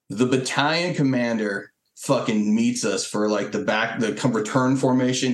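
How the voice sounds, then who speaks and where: Profane storytelling veteran man, echoey room. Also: mid-range voice. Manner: profane and animated, acting out quotes. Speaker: Marine Corps veteran guest. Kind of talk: casual storytelling.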